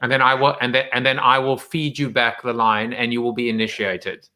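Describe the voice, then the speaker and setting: Bright, teasing male host. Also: medium pitch, level tone. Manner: teasing, playful, quick-witted. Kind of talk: casual video-call chat. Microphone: video call.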